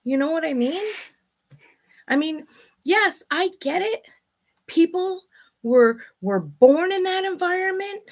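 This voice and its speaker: This middle-aged woman hosts her own video, speaking in a very high-pitched, expressive voice that is slow and full of pauses. She chats candidly and bluntly about home life, venting and swearing as she goes.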